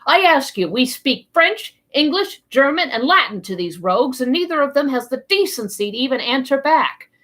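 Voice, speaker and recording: A woman reading aloud, voicing an irascible, hungry Canadian harpooner who rants slowly and emphatically in a higher, louder voice. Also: big pitch swings, exaggerated voice. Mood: indignant. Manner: ranting, slow and emphatic. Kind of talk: read-aloud storybook voice.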